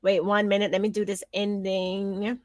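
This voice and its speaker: A woman's voice: medium pitch, flat delivery, normal speed, darkish tone, dry recording. A woman hosting a live-streamed talk show, chatting casually with her co-host and laughing often.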